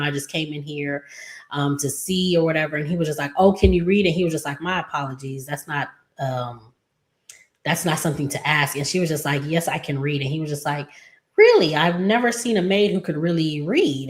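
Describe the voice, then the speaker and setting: A woman hosting a casual episode recap, rambling through the plot with lots of fillers and quoted lines. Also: low-pitched. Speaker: recap host.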